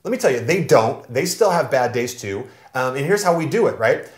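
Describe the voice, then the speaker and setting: A man, a real estate investor, giving casual, energetic business advice and telling stories. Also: mid-range voice, a little fast, roomy sound. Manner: energetic, animated storytelling.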